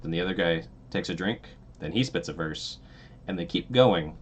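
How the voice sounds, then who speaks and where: Deep-voiced game master narrating casually. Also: male voice, moderate pace, slight background noise. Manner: relaxed and meandering, with many fillers.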